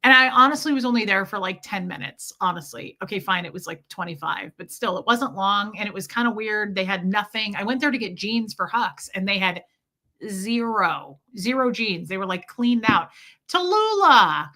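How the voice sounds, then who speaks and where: Chatty woman livestreamer with a bright voice. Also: medium pitch, animated, normal speed. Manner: chatty, greets viewers mid-story, quotes people in little voices. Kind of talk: casual storytelling livestream.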